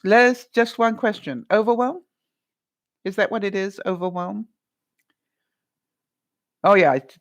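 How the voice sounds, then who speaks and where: A woman vlogger chatting live with her viewers, giving advice and calling them honey and by their names, in a rambling way with asides. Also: fairly low pitch. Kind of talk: live-stream advice chat.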